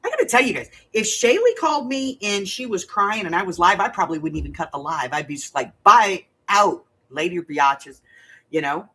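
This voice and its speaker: A grandmother hosting a crafting live stream talks fast and very animatedly, barely pausing, in a medium-pitched voice that's fairly bright and slightly rough. This older woman rambles bluntly and casually right to the people watching.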